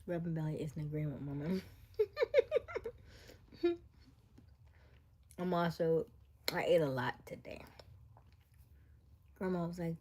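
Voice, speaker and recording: Young woman, livestream host, breathy husky tone, unhurried, playful and slangy, whispers then jokes. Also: deep voice. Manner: slips between soft whispering and loud animated joking. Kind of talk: casual livestream chat reading comments.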